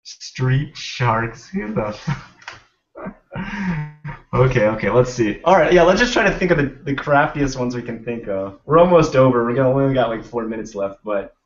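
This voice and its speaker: A man's voice: mid-range voice, lively intonation, moderate pace. A young man hosting a casual podcast chat, laid-back and rambling, swearing now and then. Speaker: podcast host. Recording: dull lo-fi stream audio.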